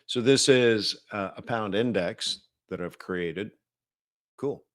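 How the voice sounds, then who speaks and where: A man's voice: on the low side, slow, dry recording, clean studio sound. A man hosting a live market-analysis stream, talking casually and rambling with many fillers and restarts.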